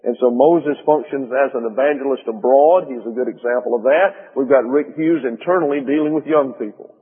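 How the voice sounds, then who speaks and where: A husky-voiced male pastor delivers an emphatic sermon and slows down to press on key words. The sound is thin and phone-like. A long hall reverb trails after every phrase. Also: mid-range voice.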